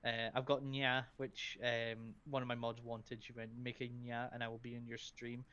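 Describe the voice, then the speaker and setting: A man's voice: mid-range voice, monotone, moderate pace, pushed and bright, clean tone. Chatty Scottish man, dull lo-fi sound. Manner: rambling, chatty, lots of fillers. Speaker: streamer guest. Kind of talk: casual podcast chat.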